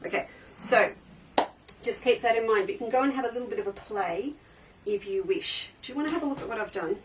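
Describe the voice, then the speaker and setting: A woman with a fairly high voice talks fast while hosting a casual live sale from her sewing shop. Chatty and enthusiastic, she often trails off and restarts sentences in this livestream sales chat, recorded on a slightly distant mic with faint background noise.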